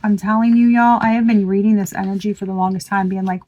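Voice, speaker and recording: A woman's voice: mid-range voice, monotone, fairly quick, few pauses, darkish tone, low-quality recording. A woman giving a casual tarot reading to her viewers, chatty and exclamatory, swearing freely and thinking aloud with restarts. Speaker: tarot reader.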